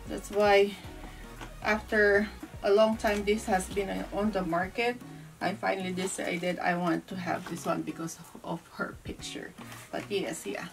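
A woman's voice: medium pitch, gravelly, far from the mic. A woman from the Philippines with a Filipino accent, chatting casually through a handbag unboxing, musing aloud as she goes. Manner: chatty, restarts and muses aloud.

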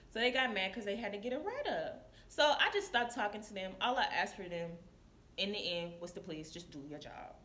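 A woman nurse telling a story to camera in casual confessional style, animated and acting out her coworkers. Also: medium pitch, brisk. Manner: animated, acts out coworkers' voices. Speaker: licensed practical nurse. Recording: echoey room.

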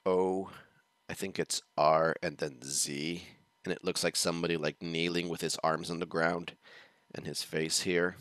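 A man's voice: low-pitched, clear, resonant tone, no room sound. A man hosting a reaction show, telling a long personal story in a casual, rambling way, chuckling as he goes. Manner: rambling, chuckling, restarts sentences.

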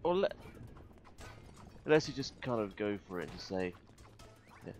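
Excitable swearing gamer man. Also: fairly low pitch, moderate pace. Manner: swearing, excitable outbursts between muttered thinking aloud. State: a little tired. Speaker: gaming video host. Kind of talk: let's play commentary. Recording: faint game music behind.

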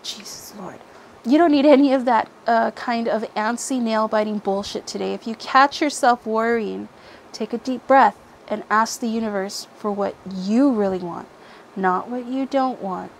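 Woman tarot reader, casual pick-a-card chat, higher-pitched, blunt and profane, faint background hiss. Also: normal speed, creaky. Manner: blunt, frequent swearing, many fillers. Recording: faint background noise, helicopter overhead at times.

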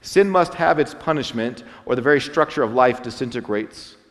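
Male pastor, mid-pitched, earnest dramatic sermon delivery, church hall reverb. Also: lively intonation, moderate pace. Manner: earnest preaching with dramatic swings in loudness and pace. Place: church sanctuary.

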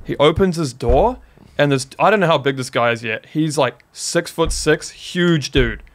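A man in his twenties with a New Zealand accent, a podcast guest telling a story in a casual, animated way and filling his talk with "like". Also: fairly high pitch, moderate pace. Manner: animated, heavy use of "like" as a filler.

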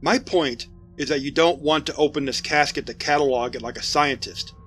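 A man voicing a sly male spirit that speaks from a coffin, in a soft, hushed and mocking way, with faint music behind. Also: on the high side, animated, moderate pace, close to an everyday voice. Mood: softly taunting.

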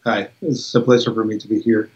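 A man's voice: fairly low pitch, level tone, a little fast, highs cut off. A man speaking as a guest expert in a casual science interview, hesitant, with many fillers, over a video call.

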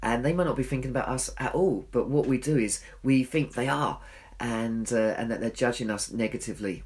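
A man speaks at a church in a talk that was recorded. He sounds earnest and pokes gentle fun at himself, and his pitch sits at a middle level for a man. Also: brisk. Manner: earnest and self-deprecating, acts out his own inner voice.

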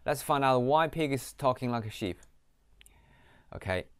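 A man giving a screen-recorded programming lesson, reading code aloud and often pausing on "okay". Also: medium pitch, lively intonation, smooth, no echo, studio quality. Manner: slow, repeats "okay", reads code aloud. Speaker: programming teacher. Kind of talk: screen-recorded coding tutorial.

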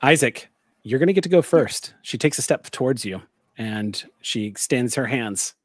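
A man as game master, narrating a tabletop game with vivid, deliberate description. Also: medium pitch, animated, dry recording, clean studio sound.

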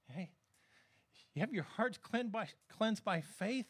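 A man's voice: sits high, expressive, slow, long pauses, breathy edge. A man preaching a sermon as pastor, in a conversational, joking manner that keeps checking in with the congregation. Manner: conversational, humorous preaching with frequent audience check-ins.

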